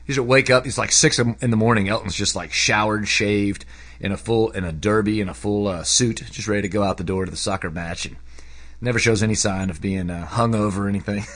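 A man talking casually about a book he read, rambling with lots of fillers, his voice jumping up when he gets excited. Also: lowish voice, a little fast. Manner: animated, voice jumps up when excited. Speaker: book reviewer. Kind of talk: casual spoken book review.

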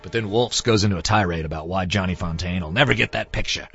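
A man's voice: low-pitched, quick pace, creaky, a bit bright. A man, a student, casually retelling a film with lots of fillers, in a dull, lo-fi recording with faint music. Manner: rambling, many fillers.

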